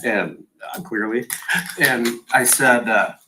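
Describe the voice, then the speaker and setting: A man's voice: fairly low pitch, steady tone, a little slow, sharp tone, slight background noise, low-quality recording. A man on a school board telling a short, conversational anecdote at a meeting.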